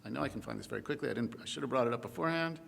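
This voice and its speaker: A man teaching a poetry class, animated and playful, often breaking off mid-thought. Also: very fast, vocal fry. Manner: animated, playful, self-interrupting. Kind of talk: classroom lecture. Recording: echoey classroom with faint rumble.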